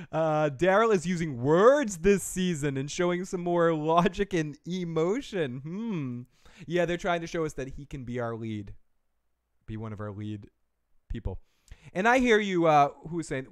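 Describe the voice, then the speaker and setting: A man's voice: on the high side, expressive, moderate pace, clean tone, dry recording, studio quality. A man hosting a casual TV episode review, joking and profane, with frequent asides. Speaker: show host.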